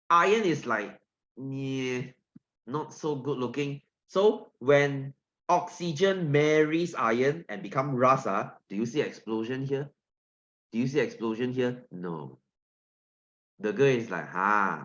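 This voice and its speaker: Playful Singaporean science teacher. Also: male voice, medium pitch, fairly bright tone, muffled recording. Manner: playful, jokey, full of teasing analogies. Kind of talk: online science lesson.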